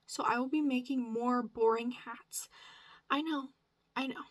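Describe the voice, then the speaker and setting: High-voiced gushing young woman vlogger. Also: fairly even intonation, unhurried. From US Midwest. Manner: chatty, gushing, swears casually, drops into whispers. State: voice cracking. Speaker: crochet vlogger. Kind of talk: casual chat.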